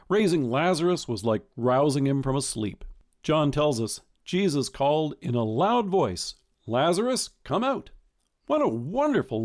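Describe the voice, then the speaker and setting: Gentle preaching man with a lively voice. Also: fairly high pitch. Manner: gentle, reflective preaching with prayer. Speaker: pastor. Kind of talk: devotional sermon.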